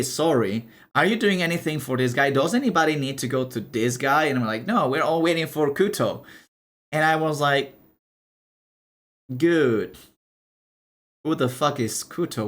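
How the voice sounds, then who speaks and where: A young man chatting casually on a live stream, animated and chatty, swearing and laughing as he shows off items. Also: mid-range voice.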